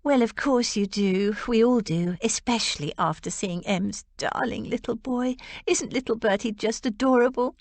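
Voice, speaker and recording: A woman voicing a sweet, gentle young Regency lady who gushes thoughtfully. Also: mid-range voice, sing-song, takes it slowly, no echo. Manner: gentle, gushing.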